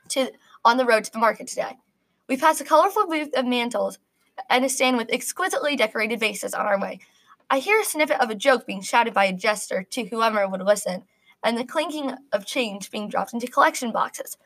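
A woman narrating a first-person story in an earnest, expressive reading. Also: a little high, brisk.

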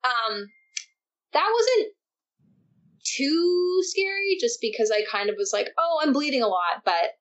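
A young woman guest on an interview, telling surf stories in a lively, animated way with frequent laughs. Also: sits high, unhurried, long pauses. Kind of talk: casual interview chat. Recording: dull lo-fi sound.

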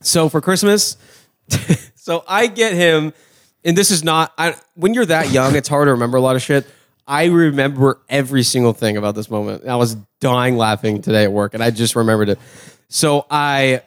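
A man co-hosting a casual podcast, telling a childhood story in an animated way, swearing often and acting out quotes. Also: mid-range voice, moderate pace. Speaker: podcast co-host.

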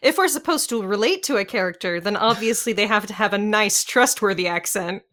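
A woman's voice: mid-range voice, lively intonation, brisk, a bit bright. A woman co-hosting a podcast in casual chat, making wry, laughing asides. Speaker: podcast co-host.

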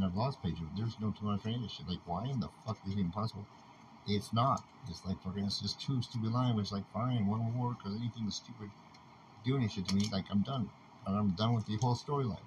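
A man delivering a rambling solo rant, agitated and full of swearing. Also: lowish voice. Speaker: podcaster. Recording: noisy ambient background.

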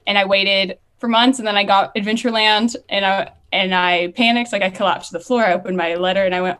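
Bubbly young woman telling quick stories. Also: mid-range voice, steady tone, fairly bright tone. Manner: bubbly, quick storytelling with laughs. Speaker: guest, former ride skipper. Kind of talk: casual podcast chat.

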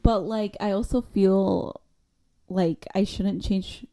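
A woman's voice: medium pitch, fairly even intonation, takes it slowly, mellow. Young woman cohost, earnest reflective chat, quotes her coworkers. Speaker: podcast co-host. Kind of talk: casual chat.

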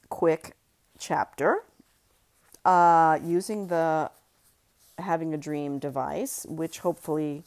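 A woman's voice: fairly low pitch, a little mellow. A woman hosting a writing podcast, talking casually about fiction craft with fillers and asides. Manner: chatty, reflective, with fillers and asides. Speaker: writing teacher and podcast host.

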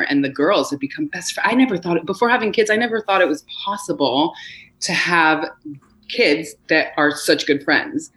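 A woman's voice: sits low, fairly bright tone, rough recording. A woman who is a podcast guest and mother, talking in a rambling, earnest way with many fillers. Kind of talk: casual podcast conversation.

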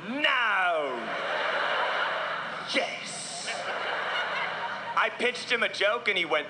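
A man's voice: high-pitched, expressive, drawn-out words, heavy background noise, voice pushed up, full character voice. A man doing a curt, clipped rock-star impression. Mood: dismissive. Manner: clipped, curt one-word answers. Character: comedian imitating a terse aging male rock star.

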